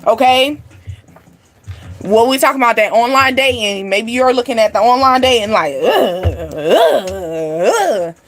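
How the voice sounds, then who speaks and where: A woman giving a casual, animated tarot reading, laughing often and speaking straight to her viewers. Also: fairly high pitch, moderate pace. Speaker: tarot reader. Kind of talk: livestream card reading.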